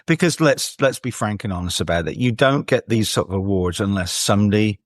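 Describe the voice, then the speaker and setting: Guy hosting, reassuring, deeper voice, dry close audio. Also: brisk, dry recording. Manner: warm encouraging, reassuring. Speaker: podcast host. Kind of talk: casual interview.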